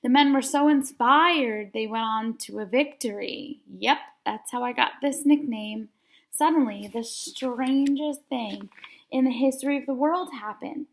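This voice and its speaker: A woman teacher reads a children's chapter book aloud with lively, expressive narration. Her voice is high and carries a gravelly vocal fry, and she leans into every twist of the story. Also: a little slow.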